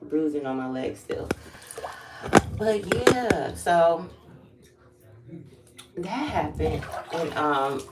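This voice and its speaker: A woman with a low voice tells a rambling, candid story in casual vlog style, swearing freely as she goes. She sits some way from the mic, and the small bathroom around her echoes hard. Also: lively intonation, drawn-out words, long pauses, far from the mic, heavy background noise. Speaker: vlogger. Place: bathroom, during a bath.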